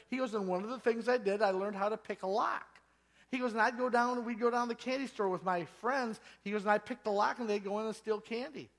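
A man with a high voice preaches a sermon. He tells stories in a lively, conversational way. He acts out the voices and quotes of the people in them. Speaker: pastor.

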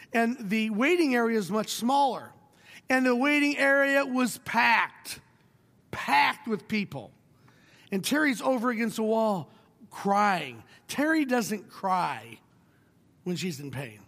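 A middle-aged male pastor with a very high-pitched voice preaches a sermon, telling a personal story with wry humor. He shifts between hushed and emphatic delivery, and his voice trails off into a long reverb tail.

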